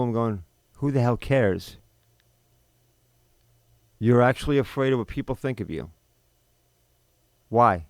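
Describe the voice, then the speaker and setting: Indignant middle-aged man, smooth and dry. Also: medium pitch, darkish tone, dry recording. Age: 50s. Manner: indignant, rambling, with frequent restarts and rhetorical questions. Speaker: podcast host. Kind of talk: unscripted monologue.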